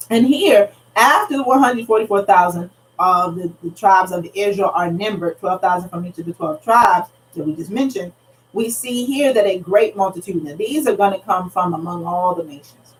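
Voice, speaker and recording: A woman's voice: mid-range voice, moderate pace. A woman pastor teaching a Bible study in an earnest, conversational way, retelling scripture in everyday speech. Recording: slightly distant mic, faint background noise.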